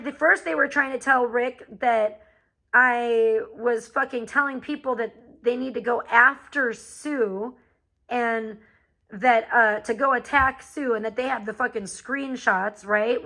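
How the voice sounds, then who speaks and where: Brief: woman streamer, high, sharp voice, angry profane rant at chat. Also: steady tone, unhurried, poor audio. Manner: profane, heated and confrontational. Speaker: live streamer.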